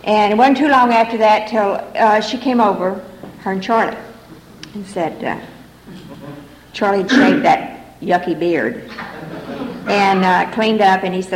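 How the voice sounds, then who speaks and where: Older woman with a gravelly, roomy voice. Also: medium pitch, a little slow, pauses often, slight background noise. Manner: folksy, frank storytelling with wry humor. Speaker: speaker sharing her story at a recovery meeting. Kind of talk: personal testimony to a meeting audience.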